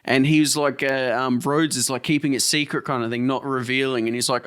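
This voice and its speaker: A man with a smooth, resonant voice talks through a film scene in loose, rambling podcast chat, often laughing and restarting his sentences. The sound is dry and close, with no room around it. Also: medium pitch, steady tone, a little fast, hardly any pauses, fairly bright tone, no room sound. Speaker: podcast co-host. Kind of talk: casual chat recapping a film.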